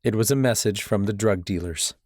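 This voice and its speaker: A man's voice: fairly low pitch, a little fast, a little mellow, no echo, studio quality. A man narrating a first-person audiobook in a tense, urgent storytelling manner.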